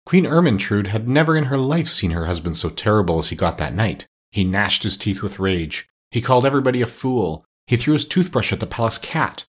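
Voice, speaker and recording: A man narrating a children's storybook aloud at a steady, unhurried pace. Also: lowish voice, breathy edge. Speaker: audiobook narrator.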